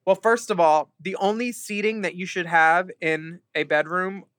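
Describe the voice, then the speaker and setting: A man's voice: sits high, steady tone, moderate pace, fairly bright tone, no room sound, studio quality. A man hosting a podcast in campy casual chat, reading listener letters and trading jokes with his co-host.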